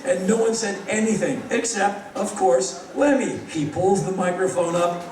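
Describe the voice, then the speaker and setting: A middle-aged man telling rapid, animated anecdotes on stage in front of a live audience, acting out other people's lines. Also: high voice, a little hiss or hum. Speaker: spoken-word performer. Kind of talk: live spoken-word storytelling. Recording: echoey hall, mic from a distance.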